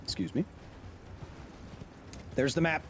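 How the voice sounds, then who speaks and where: A gaming streamer and host talks slowly as he plays on a live stream, bantering playfully and chatting with viewers. Some faint hiss or hum can be heard.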